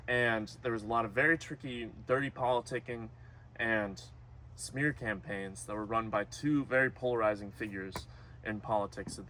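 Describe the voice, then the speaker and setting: A man tells a made-up local story in a brisk presenter's patter. His voice is fairly low but bright and forceful. A faint hiss of background noise sits under it. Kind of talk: improvised comedic storytelling.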